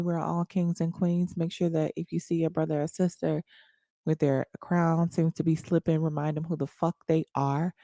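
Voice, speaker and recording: A woman hosting a casual livestream, talking to her viewers in a loud, playful, hyped way and swearing freely. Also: deep voice, no room sound, studio quality. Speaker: livestream host.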